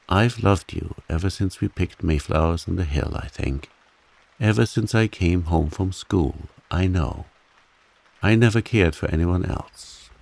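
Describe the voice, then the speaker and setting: A man voicing a proud, heartbroken woman who steadily confesses her long love, in a soft bedtime reading. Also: low-pitched, gravelly, exaggerated voice. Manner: steady, dignified, softly spoken.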